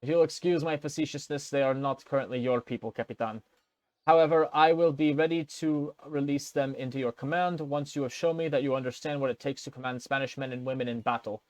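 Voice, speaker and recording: A man voicing a friendly, portly male quartermaster in a rough attempt at an Italian accent, jovial and teasing. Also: medium pitch, steady tone, brisk, darkish tone, no room sound, natural voice. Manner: jovial, teasing, a little smug.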